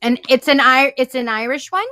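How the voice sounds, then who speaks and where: A middle-aged woman with a Boston accent, chatting casually on a live stream through a headset and telling stories full of quick wisecracks. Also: high voice, steady tone, pushed and bright, no echo. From Massachusetts. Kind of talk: casual chat.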